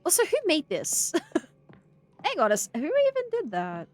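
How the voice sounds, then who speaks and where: A young Australian woman streaming a horror game and chatting casually with her viewers. She is excitable, thinks out loud, and breaks into loud yelling and laughter. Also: high-pitched, a little slow. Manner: chatty, talks to chat and thinks aloud. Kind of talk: casual live-stream commentary.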